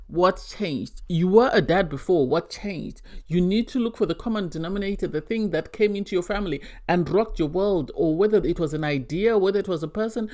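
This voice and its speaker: A woman's voice: fairly low pitch, darkish tone. A woman giving her opinionated recap of a reality show, exasperated and acting out what people said. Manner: opinionated, exasperated, acts out quotes. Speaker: reality TV reviewer. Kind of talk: casual commentary.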